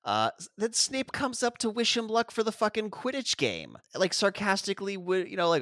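A man's voice: high voice, huge pitch swings, normal speed, few pauses, sharp tone, no room sound, clean studio sound. A man co-hosting a podcast, recapping a film in casual chat with profane, sarcastic jokes.

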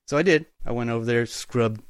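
A man speaking as a guest in a casual interview, telling work stories in a relaxed, easygoing way. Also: medium pitch, a little fast, clean tone, dry recording, studio quality. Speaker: guest, utility locator.

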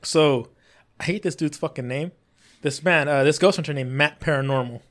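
A man co-hosting a casual podcast, animated and swearing often as he talks. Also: on the high side, moderate pace. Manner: profane, animated, swears a lot. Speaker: podcast co-host. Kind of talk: casual chat.

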